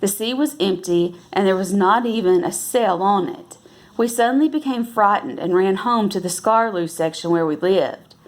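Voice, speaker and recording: A woman reading a novel aloud at an unhurried pace, now and then correcting herself and lifting her voice for the characters' lines. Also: mid-range voice. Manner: unhurried, with self-corrections and restarts. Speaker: reader.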